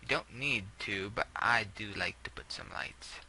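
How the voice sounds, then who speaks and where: A man's voice: on the low side, measured pace, bright, forceful tone, a little hiss or hum, low-quality recording. A young man casually talking through a game build, rambling with many fillers and self-corrections. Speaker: gameplay video creator.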